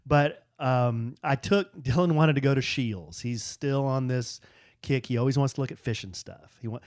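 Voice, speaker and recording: A man co-hosting a podcast, talking in a relaxed, halting way with small restarts. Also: mid-range voice, no room sound, clean studio sound. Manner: relaxed, halting, repeats words. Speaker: podcast co-host. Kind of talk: casual chat.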